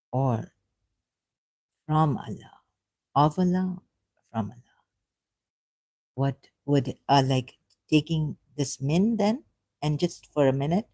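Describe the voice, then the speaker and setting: Woman rambling slowly on a livestream, lots of stops and restarts, dry sound. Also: extremely low pitch, warm tone, no echo. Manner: halting, self-correcting, hesitant. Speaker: live streamer. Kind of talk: thinking-aloud live stream monologue.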